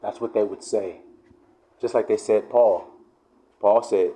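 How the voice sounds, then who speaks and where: A man's voice: fairly low pitch, fairly even intonation, measured pace, mellow. A man preaching in a fiery, emphatic, profanity-laced sermon style. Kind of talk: street-style sermon vlog.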